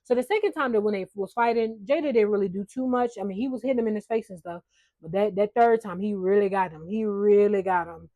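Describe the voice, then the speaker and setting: A woman's voice: mid-range voice, quick pace, dark tone, no room sound. A woman giving a casual reality-show recap, chatty, blunt and sarcastic, swearing freely. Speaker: recap vlogger.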